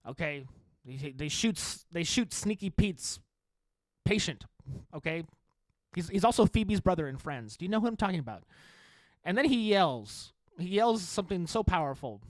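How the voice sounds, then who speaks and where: A man's voice: high voice, dry recording. A man hosting a solo podcast, talking in a sarcastic, self-mocking way with frequent swearing and laughter. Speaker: podcast host. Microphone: studio microphone.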